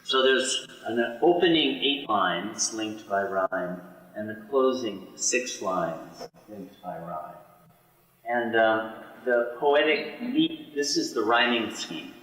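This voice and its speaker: Man teaching poetry in an echoey room. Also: fairly bright tone. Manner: unhurried, explains and reads verse aloud with many fillers. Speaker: study session leader. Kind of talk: teaching poetry to a small group. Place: room with a small study group. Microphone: boom mic. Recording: roomy hall, boom mic from a distance.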